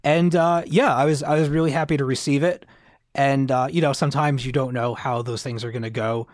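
A man's voice: mid-range voice, steady tone, fairly quick, no echo, studio quality. A man co-hosting a podcast in casual chat, rambling with many fillers and restarts. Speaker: podcast co-host.

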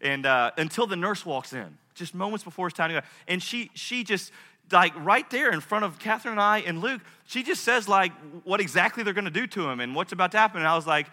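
A man's voice: sits high, lively intonation, brisk, in a large hall. A man in his thirties, a pastor telling a personal story in an emphatic, conversational sermon. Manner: emphatic, conversational, swings between hushed and loud.

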